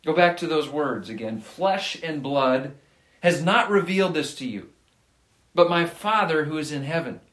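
A man's voice: a little high, lively intonation, normal speed, fairly bright tone. A man preaching a sermon, earnest and emphatic, reading scripture aloud and pressing his points. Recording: echoey room.

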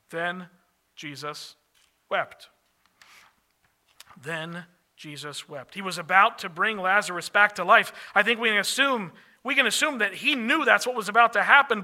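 A male pastor delivering a sermon in an earnest way, slowing and dropping to a soft, quiet voice on key phrases. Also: high voice. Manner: earnest, slows and drops softly on key phrases.

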